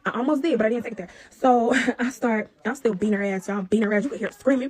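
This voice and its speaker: Young woman, husky voice, blunt, animated storytelling. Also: a little high, very fast, hardly any pauses. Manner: animated and blunt, heavy profanity. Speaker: vlogger. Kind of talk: casual storytime to camera.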